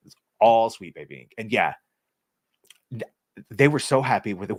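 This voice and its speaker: A man's voice: lowish voice, lively intonation, normal speed, breathy edge, dry recording, clean studio sound. A man co-hosting a casual podcast chat, ranting sarcastically and swearing freely. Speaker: co-host.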